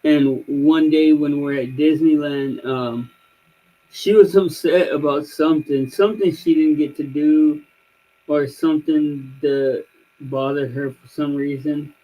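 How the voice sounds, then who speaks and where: A man's voice: fairly high pitch, steady tone, a little slow, lo-fi sound. A man in his thirties on a livestream, rambling through a story with lots of fillers and restarts. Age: 30s. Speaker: streamer. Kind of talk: casual chat.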